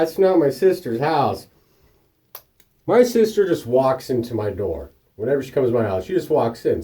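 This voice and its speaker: A man tells rambling, profane stories straight to the camera, his pitch jumping around as he acts out the people in them. His voice is mellow and relaxed, and he sits a little back from the mic. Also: far from the mic. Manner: profane, rambling anecdotes with animated quoted voices. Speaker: vlogger. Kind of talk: casual storytelling monologue.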